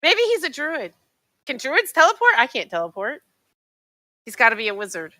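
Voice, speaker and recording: Woman player, high bright voice, excitable reactions. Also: no echo, clean studio sound. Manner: excitable, quick exclamations. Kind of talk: tabletop game role-play.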